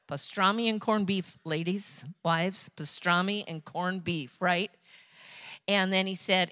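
Chatty woman preaching with a bright voice. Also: mid-range voice, a little slow, no room sound. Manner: animated, chatty storytelling. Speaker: pastor's wife preaching. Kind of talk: sermon with personal stories.

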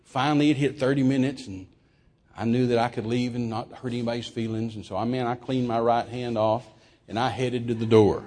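A man preaching, telling a story in a folksy, humorous and animated way with sudden loud outbursts. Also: mid-range voice, brisk. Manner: animated, folksy, acts out quotes with sudden shouts; humorous, laughs at his own stories. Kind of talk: sermon storytelling.

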